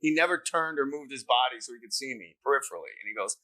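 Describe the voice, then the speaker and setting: A man in his fifties from New Jersey, a comedian guest telling stories in a casual interview, animated and profane. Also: a little high, fast talker, hardly any pauses, low-quality recording. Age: 50s. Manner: animated, profane, lots of laughter.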